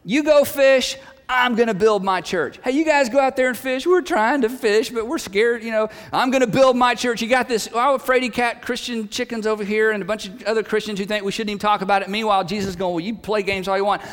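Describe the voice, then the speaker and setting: Male pastor, high voice, chatty and self-deprecating, recorded in a reverberant auditorium. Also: quick pace, hardly any pauses. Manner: animated, conversational, self-deprecating humor. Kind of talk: sermon.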